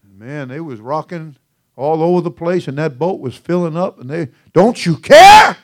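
A man preaching a sermon to his congregation as senior pastor. His voice sits a little higher than most men's. He talks in a folksy, joking way, often laughing and exclaiming. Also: normal speed, warm tone.

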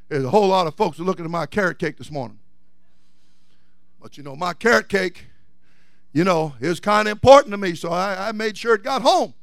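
A man preaching a sermon as senior pastor, swinging from low asides to shouted, repetitive calls to the congregation. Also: no room sound. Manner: preaches in repetition and direct address. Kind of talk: Pentecostal-style sermon.

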